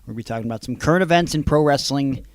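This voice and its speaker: A man's voice: medium pitch, rapid-fire, no room sound. A man co-hosting a podcast, chatting casually and reading an ad in a joking, playful way. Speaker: podcast co-host. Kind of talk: casual podcast chat and ad read.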